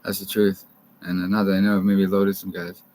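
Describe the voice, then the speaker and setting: A man's voice: sits low, completely flat delivery, a little fast, a little mellow, a little hiss or hum, low-quality recording. A man from Canada rambling profanely to camera, jumping from topic to topic.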